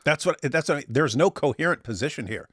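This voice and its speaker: A sarcastic male host reacts to a clip in casual commentary, his voice a little high and swinging widely. The sound is dry and close. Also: brisk, slightly rough, no room sound. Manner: animated, sarcastic.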